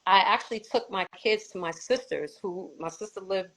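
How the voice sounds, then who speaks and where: Animated New York woman telling her story. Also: mid-range voice, normal speed, poor audio. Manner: animated, acts out others' voices, swears. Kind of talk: emotional personal storytelling.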